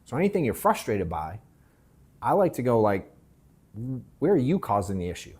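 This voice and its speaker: This is a man teaching a live sales workshop in a loose, joking way. He acts out his own thoughts mid-story, swears freely and calls people bro and dude. His pitch rises and falls a lot as he talks. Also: very animated, moderate pace, darkish tone, breathy edge. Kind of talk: casual, joking workshop talk. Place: workshop room with an audience.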